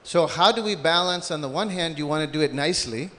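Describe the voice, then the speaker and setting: A man's voice: on the high side, fast, pushed and bright. A man in the audience asking a hesitant question, thinking aloud as he goes. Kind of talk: question from the floor. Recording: hall reverb with faint room noise.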